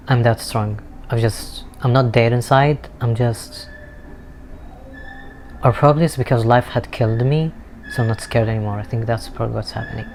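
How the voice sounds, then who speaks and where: A man's voice: medium pitch, fairly even intonation, normal speed, darkish tone, a little hiss or hum. A man vlogging a candid, emotional personal monologue, earnest and sometimes swearing, recorded outdoors in a city. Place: outdoors in a city with street music nearby.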